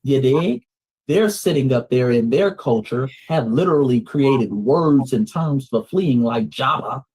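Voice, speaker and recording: Casting: male host, emphatic lecturing commentary, mellow husky voice. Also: mid-range voice, lively intonation, a little slow. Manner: emphatic, lecturing, repeats points. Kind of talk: political commentary talk show.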